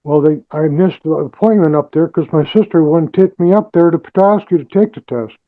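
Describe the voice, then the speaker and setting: A man defending himself at a court hearing, defiant and halting, full of restarts. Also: fairly high pitch, narrow, tinny audio. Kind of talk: testifying in court.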